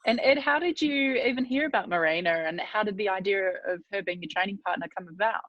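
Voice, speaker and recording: A woman's voice: medium pitch, fast, no echo. Woman interviewer, dull lo-fi sound. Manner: brief, encouraging questions. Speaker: interviewer, Olympic rower. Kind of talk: interview questions.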